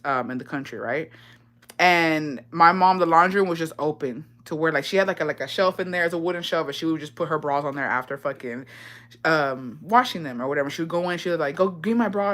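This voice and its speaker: Young woman vlogger, lowish voice, casual slangy confessional, swears a lot. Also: a bit bright. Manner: profane, slangy, breaks into laughter.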